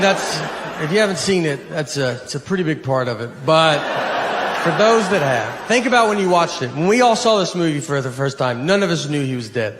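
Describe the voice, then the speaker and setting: A middle-aged man with a Southern US accent doing a stand-up comedy set, telling stories in a dry, deadpan way into a handheld mic on a theater stage. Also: on the high side. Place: theater stage before a laughing audience. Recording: live hall recording with long reverb and audience noise.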